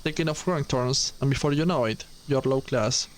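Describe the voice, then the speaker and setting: A man's voice: mid-range voice, normal speed, lightly acted, low-quality recording. Loretta, a man reading a bitter farm wife. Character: hard-bitten young woman farm wife. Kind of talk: reading game dialogue aloud.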